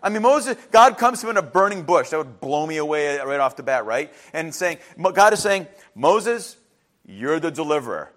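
A male pastor with a high voice, delivering a lively sermon. He talks animatedly and slips into acted-out voices for the people in his stories. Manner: animated, acts out biblical voices in quick asides.

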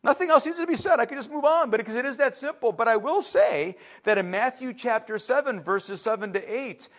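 A man preaching a sermon as a pastor, emphatic, his voice swinging between loud outbursts and hushed asides. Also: sits high.

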